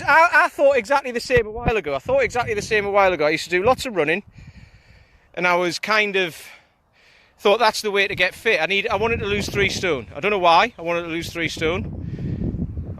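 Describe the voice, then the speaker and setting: A man with a notably high voice, a little winded as he walks outside. He rambles and repeats himself in a casual, chatty way. A faint hiss of background noise sits under his voice, picked up by a phone he holds in one hand. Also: fairly bright tone. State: out of breath. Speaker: kettlebell coach. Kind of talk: casual walking vlog. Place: outdoors on a walk. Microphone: phone held in hand.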